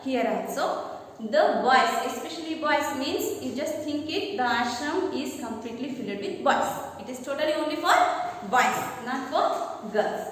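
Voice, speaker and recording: A woman's voice: sits high, unhurried, fairly bright tone. A woman teaching a lesson. She reads a textbook passage aloud and explains it line by line, often asking "okay?". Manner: reads the text aloud, then explains it with frequent "okay?" and "means". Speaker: English teacher. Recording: very echoey room, voice far from the mic.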